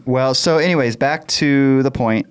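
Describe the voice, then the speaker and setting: A man hosting a casual podcast discussion, measured, playing devil's advocate. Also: medium pitch, clean tone. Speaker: podcast host.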